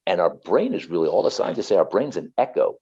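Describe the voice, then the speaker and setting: A man's voice: sits low, sing-song, quick pace, warm tone, husky, lo-fi sound. A man, a therapist and author, talking earnestly and passionately as an interview guest, often repeating himself.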